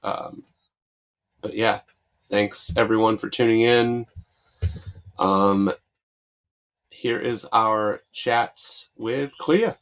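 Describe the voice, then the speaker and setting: A man's voice: lowish voice, extremely slow, long pauses, a bit bright. An American man from the East Coast co-hosting a podcast, easygoing and a bit hesitant. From United States. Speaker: podcast co-host. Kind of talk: casual interview chat.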